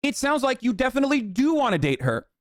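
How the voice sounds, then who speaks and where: A man's voice: extremely high pitch, sing-song, fast talker, no echo, studio quality. A man casually riffing as a streamer, reacting to posts with mocking, profane commentary.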